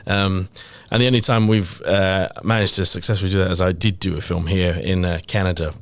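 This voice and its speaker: A British man in his forties, an actor, talking in a relaxed, rambling and self-deprecating way with many fillers. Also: sits low, a little fast. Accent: British English. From England. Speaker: guest actor. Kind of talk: casual interview chat.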